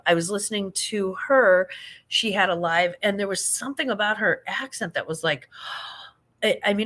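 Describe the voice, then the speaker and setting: A woman's voice: fairly low pitch, a bit bright. An older woman from St. Louis, chatting casually on a late-night livestream, rambling and laughing as she reads out viewer comments. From St. Louis, Missouri. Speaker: livestream host.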